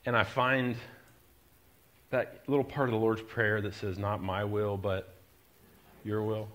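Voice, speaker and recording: A middle-aged man, preaching a sermon and telling a story, moving from quiet, confiding asides to loud, driving emphasis. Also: on the low side, flat delivery, unhurried. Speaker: pastor.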